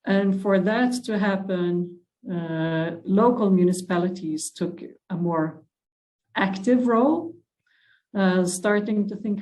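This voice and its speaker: A woman with a Dutch accent speaking as a panelist over a remote video call, soft-spoken and hesitant with many fillers. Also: mid-range voice, slow pace, rough recording. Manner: soft-spoken, drops her voice. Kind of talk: panel discussion.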